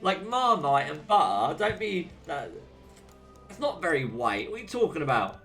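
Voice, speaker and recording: Bright-voiced English man casting a game. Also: fairly high pitch, very animated, moderate pace, creaky, faint music behind. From England. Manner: chatty, banter-heavy, slangy. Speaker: game caster and streamer. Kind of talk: casual replay commentary.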